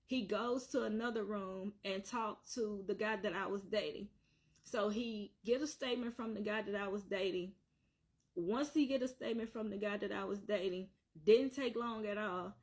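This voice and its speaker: A woman with a medium-pitched voice speaks at normal speed as she earnestly tells her own hard story in an emotional vlog. She's repetitive, circling back to the same points again and again.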